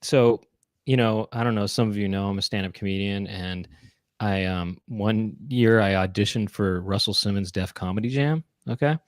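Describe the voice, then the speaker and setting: A man's voice: on the low side, moderate pace, no echo. A man co-hosting a comedy show, rambling through casual banter with stumbling self-corrections.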